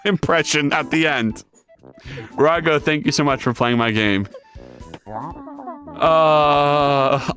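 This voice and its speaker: This streamer and game developer has a medium-pitched, fairly bright voice and chats casually through a live 3D modeling session. He jokes, reads chat messages aloud and answers them, rambling with frequent restarts and repeated words.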